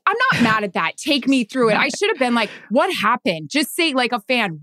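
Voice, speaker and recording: Woman podcast co-host, lively storyteller, curses often, dry close sound. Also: fairly high pitch, brisk, hardly any pauses, no room sound. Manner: animated, swears freely, acts out quotes. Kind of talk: casual chat.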